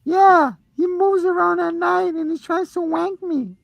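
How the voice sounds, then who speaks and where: A man's voice: fairly even intonation, measured pace, vocal fry, no room sound, lo-fi sound, exaggerated voice. A man putting on the voice of a small boy who whines and tattles to his mom. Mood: whining. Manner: high whining kid voice.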